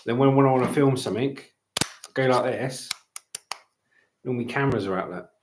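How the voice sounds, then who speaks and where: A man's voice: mid-range voice, normal speed, echoey room, a little hiss or hum. A middle-aged man hosting a casual home livestream, bantering and reading out chat messages. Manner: cheeky, banter-filled, reads out chat messages. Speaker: livestream host.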